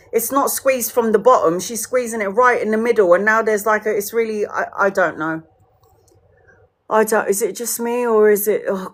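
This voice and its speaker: A woman, ranting casually to her viewers, swearing freely and laughing often as she acts out what others said. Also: mid-range voice. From United Kingdom. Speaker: tarot livestreamer.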